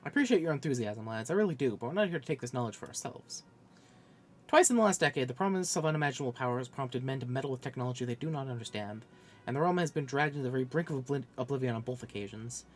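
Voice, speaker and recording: A man's voice: medium pitch, lively intonation, very fast, natural voice. A man voicing a stern veteran engineer chief, reading game lines aloud on a stream and stumbling into restarts.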